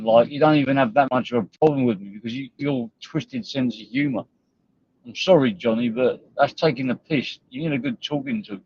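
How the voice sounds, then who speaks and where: A man's voice: mid-range voice, darkish tone, dry recording, lo-fi sound. A man ranting on a livestream, sweary, confrontational and rambling. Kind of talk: livestream rant.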